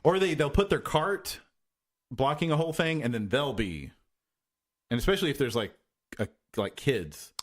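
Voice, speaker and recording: A man's voice: medium pitch, lively intonation, normal speed, pauses often. Rambling, hesitant male podcast co-host. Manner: rambling, hesitant, many restarts and fillers. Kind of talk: casual chat.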